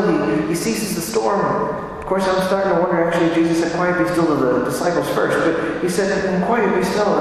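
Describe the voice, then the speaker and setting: A man's voice: sits high, a little hiss or hum. A man giving a conversational sermon, asking rhetorical questions and repeating phrases for emphasis. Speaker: preacher. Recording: echoey hall, voice from far off.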